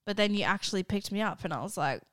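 Aussie girl in her 20s cohosting a pod, laughs a lot mid story, mid pitch, dead dry studio mic. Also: fast, dry recording. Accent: Australian. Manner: giggly, animated storyteller. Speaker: podcast co-host. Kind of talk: casual storytelling chat. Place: studio living-room set.

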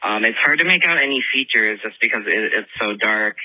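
A man with a lowish but very bright, forward voice rambles through a story, leaning on filler words at almost every turn. It is a casual recorded message from a listener, told in a dry, close room with no echo. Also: lively intonation, a little fast.

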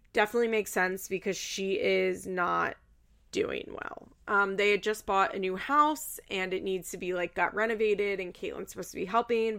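A woman's voice: medium pitch, creaky, fairly bright tone. A woman host chatting casually in a recap, chatty and loose with fillers and the odd swear word.

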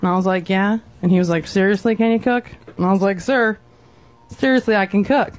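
A woman's voice: mid-range voice, a little fast, rough recording. A woman stand-up comedian chatting with judges in a dry, sardonic way. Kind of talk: casual banter with judges.

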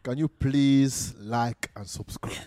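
A man voicing a friendly middle-aged Nigerian father with a Nigerian accent, speaking slowly and deliberately with chuckles. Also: medium pitch, warm tone, lightly acted. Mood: hearty.

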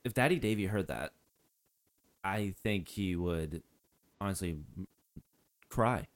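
A man improvising as a fast-food worker in a comedy sketch, loose and jokey, at times breaking into mock-tearful wailing. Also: low-pitched.

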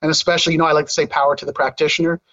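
A man's voice: fairly high pitch, flat delivery, very fast, fairly bright tone, highs cut off. A man with a Philadelphia accent, a podcast guest talking in an enthusiastic, jokey, slangy way. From Philadelphia, USA. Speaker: guest, AI evangelist. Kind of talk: casual interview chat.

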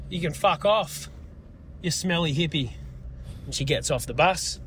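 A man's voice: sits high, moderate pace, slight background noise. An Australian man calling in and telling a crude, rambling joke as a voice message. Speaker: caller.

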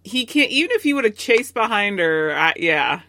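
A woman's voice: mid-range voice, sing-song, moderate pace, sharp tone, no echo. A woman co-hosting a casual TV recap chat, adding playful, jokey asides. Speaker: podcast co-host.

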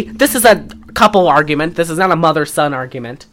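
A woman's voice: on the low side, brisk, few pauses. A woman co-hosting a podcast in casual chat, retelling a film with lots of laughter and swearing. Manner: laughs often, swears freely, animated retelling. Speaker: podcast co-host.

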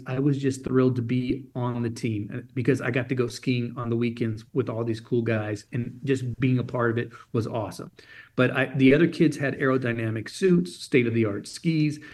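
Guy in his 50s telling a story on an interview, animated, acts out the dialogue, middle pitch voice. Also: normal speed. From United States. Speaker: guest.

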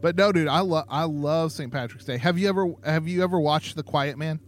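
Tipsy rambling podcast guy, slightly high voice. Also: brisk, slight background noise. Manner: rambling, laughs often. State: tipsy from drinking. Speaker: podcast co-host. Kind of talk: casual chat.

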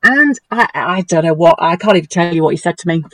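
A woman's voice: lowish voice, quick pace, dry recording, poor audio. A woman, telling a painful personal story on a talk show, acting out what others said. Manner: animated, acts out quotes in a mimicking voice. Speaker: guest.

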